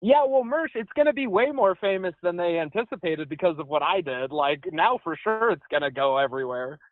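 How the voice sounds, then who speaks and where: High, animated man on a tinny phone line. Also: a little fast, dry recording. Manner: animated, high-pitched, jumps up when quoting himself. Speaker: phone-in caller. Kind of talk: casual storytelling over the phone.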